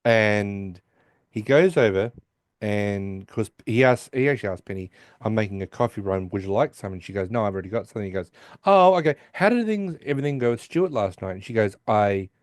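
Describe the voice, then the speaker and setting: A man's voice: lowish voice, fairly quick, no room sound, clean studio sound. A man co-hosting a podcast, casually retelling a TV episode and acting out the characters' lines with restarts and asides. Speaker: podcast co-host recapping an episode. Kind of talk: casual chat.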